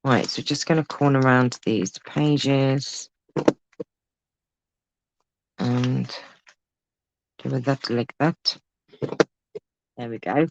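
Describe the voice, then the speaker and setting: A woman's voice: extremely low pitch, steady tone, very slow, long pauses, dry recording, rough recording. A woman hosting a casual craft livestream from home, chatting to viewers and reading out their comments with teasing asides. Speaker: craft host.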